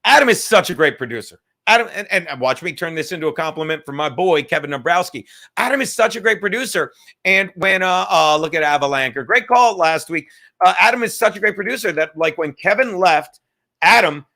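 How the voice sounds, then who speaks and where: Homem animado de voz aguda e brilhante. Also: male voice, high voice, animated, a little fast. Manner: loud, rambling, profane, jumps between topics. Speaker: live stream host. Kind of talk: casual live stream rant.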